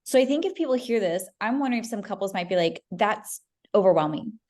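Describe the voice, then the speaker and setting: A woman's voice: a little high, expressive, fast talker, warm tone. A woman hosting a podcast, asking long, winding questions with enthusiasm. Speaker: podcast host. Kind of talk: interview questions.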